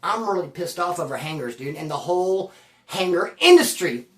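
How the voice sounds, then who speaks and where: A man's voice: sits high, lively intonation, moderate pace, a bit bright, far from the mic. A man spins a prison tale in loose, profane street slang. He keeps circling back and restarting his sentences. His voice sits a little away from the mic, in a room with a lot of echo. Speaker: former prisoner telling a prison story. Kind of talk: casual storytelling to camera.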